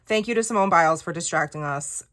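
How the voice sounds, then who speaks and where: While journaling, a woman chats casually through a personal story in a fairly low, slightly bright voice. She rambles candidly and performs the quoted lines as she goes.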